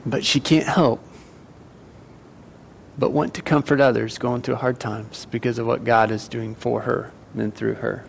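A man with a gravelly, fry-edged voice preaches and reads scripture in an even, measured way. A faint low rumble sits behind him. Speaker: pastor. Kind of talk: sermon.

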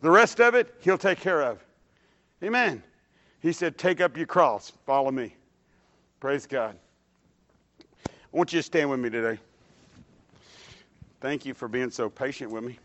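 A man preaching and then leading a prayer in church, fervent and casual, swelling loud on scripture and dropping soft in prayer. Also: mid-range voice, lively intonation, a little slow, long pauses, muffled recording. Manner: casual asides like "dude" and "hey, man". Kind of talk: sermon and spoken prayer. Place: church sanctuary with a standing congregation.

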